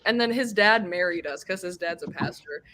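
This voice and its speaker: A young woman with a bright, ringing tone and a somewhat low voice chats casually with friends. She rambles through stories with plenty of fillers. She laughs easily along the way. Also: animated, normal speed. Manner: giggly, rambling storyteller with many fillers. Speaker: streamer hosting a reading sprint.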